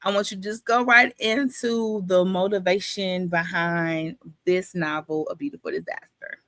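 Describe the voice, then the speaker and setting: A woman's voice: mid-range voice, fairly even intonation, normal speed, fairly bright tone, dry recording. A woman with a New York accent hosting a live book club interview, playful and teasing, full of slang. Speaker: host.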